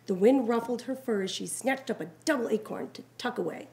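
A woman reading a children's picture book aloud to a child, animated and encouraging. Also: fairly high pitch, moderate pace, few pauses, slight background noise.

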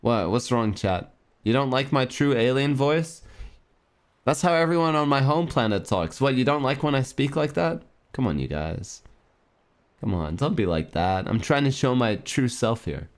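A man's voice: mid-range voice, animated, normal speed. Joking young man streaming a video game. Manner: joking, reads game dialogue aloud with lots of laughs. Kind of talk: casual gameplay commentary.

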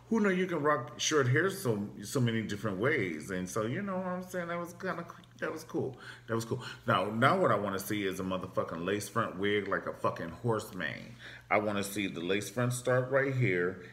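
A low-voiced man with a forceful, tense edge rants through a comedic commentary. He swears freely and swings his pitch wildly for effect. His voice rings in a roomy, echoing space. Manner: animated, profane, big pitch swings. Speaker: vlogger and stand-up comic. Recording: roomy echo.

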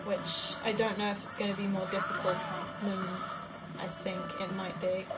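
A woman giving casual let's-play commentary, chatting and muttering to herself, with sudden loud frustrated outbursts. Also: mid-range voice, little pitch movement, moderate pace. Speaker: gaming video creator. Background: game music.

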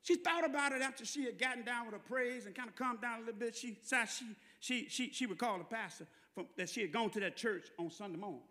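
A Southern preacher with a very high, bright, forceful voice tells a story from the pulpit, moving from easy conversational delivery to fervent shouting. His voice rings with the long reverb of a church hall. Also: fast talker, hardly any pauses. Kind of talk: sermon storytelling. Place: church sanctuary.

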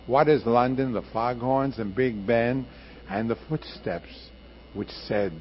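A man's voice: medium pitch, steady tone, takes it slowly. An older man, a radio producer, telling stories emphatically in an interview. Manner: emphatic, passionate storyteller. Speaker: radio producer and director, guest. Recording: muffled archival radio interview with faint hiss.

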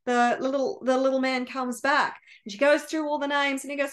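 A woman coach retells a fairy tale in a loose, animated way, often breaking off and correcting herself. Her voice sits fairly high. The delivery is casual, not scripted. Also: normal speed. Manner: animated, chatty, self-correcting. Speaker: mindset coach. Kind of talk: casual storytelling.

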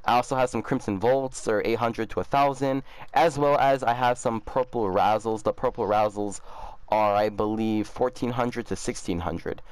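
A man's voice: fairly low pitch, moderate pace, smooth. A man, a gaming YouTuber, talking casually and upbeat, full of fillers like "bro" and "um". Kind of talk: casual gaming chat and video outro.

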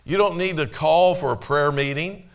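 A male pastor with a voice pitched a bit above most men's, delivering a sermon in a church. He talks to the congregation in a plain, conversational way, asking rhetorical questions and quoting scripture. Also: normal speed. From Canada.

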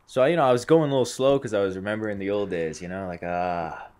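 A man's voice: fairly low pitch, quick pace, a little mellow. Laughing young man telling a rambling story. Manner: rambling storyteller, laughs often, acts out voices. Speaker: podcast co-host. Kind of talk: crude casual podcast banter.

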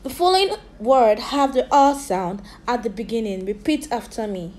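A woman English teacher leading a phonics lesson for young children, slowly sounding out and spelling words for them to repeat. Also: on the high side, expressive, a little mellow. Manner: slow, drilled repetition of sounds and spellings.

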